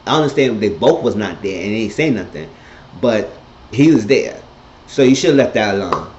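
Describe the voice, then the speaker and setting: A man recapping a TV episode in a casual monologue, blunt and profane, telling it with animated energy. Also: lowish voice, fairly quick, slight background noise. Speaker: TV episode reviewer. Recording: echoey, dull lo-fi room sound.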